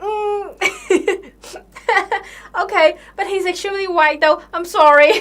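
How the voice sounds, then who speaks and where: A woman's voice: very high-pitched, takes it slowly, a bit bright. A young woman hosting a live stream, chatting casually with viewers and answering questions. She talks in a sarcastic, incredulous way, with lots of fillers, and she swears now and then.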